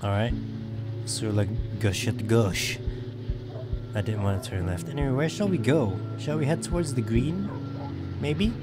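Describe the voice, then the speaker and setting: Animated man commenting on a game. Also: medium pitch, a little fast, background noise. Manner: animated, shouting commands between chatty asides. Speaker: gaming video host. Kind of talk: let's play commentary.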